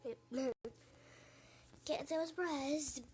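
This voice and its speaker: A woman with a scratchy voice, talking quietly and haltingly with many fillers while commenting on her gameplay. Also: high voice. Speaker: gamer.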